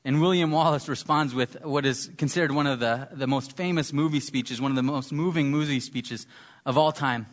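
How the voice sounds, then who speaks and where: A man preaching a sermon, talking in a halting way and often repeating words as he searches for them. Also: on the high side.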